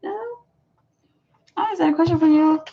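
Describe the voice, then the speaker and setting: A woman's voice: very high voice, steady tone. Chatty woman on muffled stream audio. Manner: rambling, chatty, lots of "like" fillers and quick laughs. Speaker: tarot reader hosting a live stream. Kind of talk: casual live-stream chat, reading out comments.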